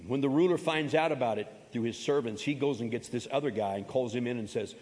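A man's voice: on the high side, fairly quick, hardly any pauses. A man preaching a sermon as pastor, emphatic and folksy, repeating his key phrases and adding humorous asides. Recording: long reverb of a large hall.

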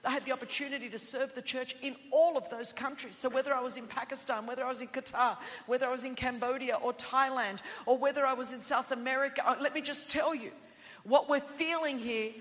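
A woman preaching a sermon in a church, emphatic and building to shouted declarations between chatty asides. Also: high voice, steady tone, quick pace. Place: large church auditorium. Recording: long church-hall reverb.

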